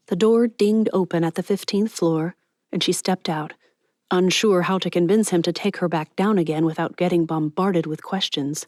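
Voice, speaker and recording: A woman narrating an audiobook in measured, even storytelling. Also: on the low side, no room sound, clean studio sound. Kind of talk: scripted narration.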